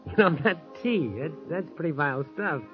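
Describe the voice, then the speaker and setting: A man's voice: fairly high pitch, animated, brisk, over music, lightly acted. A man playing a nervous, stammering drinker. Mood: uneasy. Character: nervous hard-drinking young American man. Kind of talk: 1940s radio acting. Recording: dull old radio recording.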